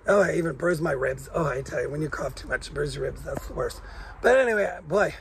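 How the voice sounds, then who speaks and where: A middle-aged man with a hoarse, gravelly voice worn rough from days of coughing. He chats easily on a vlog and laughs often, his voice sitting a little high for a man. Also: quick pace, slight background noise. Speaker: vlog co-host. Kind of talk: casual chat.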